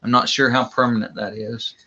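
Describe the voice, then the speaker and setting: A man's voice: medium pitch, little pitch movement, a little fast, pushed and bright, dull audio. A man co-hosting a homestead livestream in a casual, folksy way, answering viewer questions. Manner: easygoing, folksy, reads viewer comments aloud. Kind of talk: casual live-stream chat.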